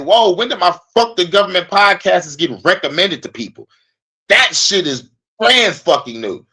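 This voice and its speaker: Young male streamer, casual and cussing, animated frustrated rant. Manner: profane, animated, frustrated venting with swings in pitch and loudness. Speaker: podcast host.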